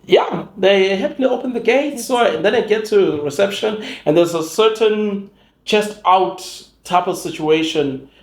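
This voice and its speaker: A man's voice: high voice, unhurried. Zulu-accented man telling stories in an echoey room. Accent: Zulu-accented South African English. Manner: animated storyteller who mimics other people's voices; frequent restarts and fillers. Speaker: podcast guest. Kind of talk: casual storytelling interview.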